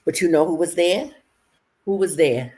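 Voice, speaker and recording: A woman in casual chat who tells lively stories, acts out what others said, and laughs often. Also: fairly low pitch, normal speed, husky. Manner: animated storyteller, acts out quotes, laughs often.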